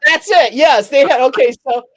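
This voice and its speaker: A woman's voice: sits high, normal speed, slight background noise. A woman hosting a podcast, chatting casually in a rambling way and laughing often. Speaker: podcast host. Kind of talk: casual chat.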